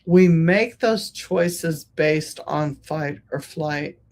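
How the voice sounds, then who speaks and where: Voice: medium pitch, extremely slow, darkish tone. A spiritual healer hosting a podcast, speaking in a reflective monologue with repetitive, emphatic phrasing.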